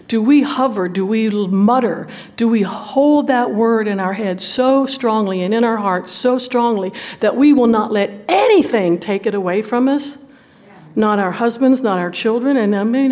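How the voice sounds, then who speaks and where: A woman with a Southern US accent teaching a women's Bible study, folksy and playful, reading scripture slowly. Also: a little high, darkish tone. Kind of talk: Bible teaching to a live group.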